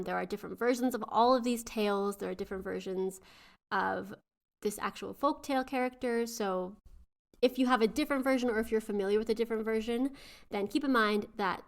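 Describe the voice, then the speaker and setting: Chatty woman podcast co-host. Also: a little high. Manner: chatty, laughs often, searches for words. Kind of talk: casual chat.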